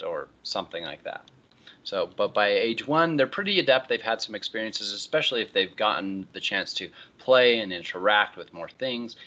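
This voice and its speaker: A male college instructor giving a relaxed, conversational online lecture, often moving on with "all right, so.". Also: on the low side, moderate pace, highs cut off. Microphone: computer microphone.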